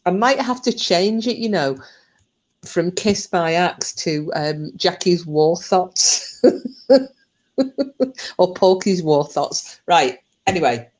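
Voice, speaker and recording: A woman's voice: fairly low pitch, slow, long pauses, darkish tone. A woman hosting her channel, casually retelling a true story, chatty, swearing freely and laughing often.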